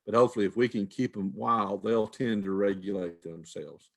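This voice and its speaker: A man's voice: fairly low pitch, normal speed. An older man, a retired wildlife manager, answering questions in a folksy, conversational way with frequent restarts. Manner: folksy, repeats words, restarts phrases.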